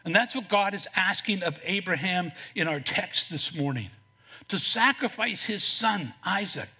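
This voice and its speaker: A man preaching a sermon as pastor, earnest, telling a story, with a few halting restarts. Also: sits high, animated, sharp tone, breathy edge.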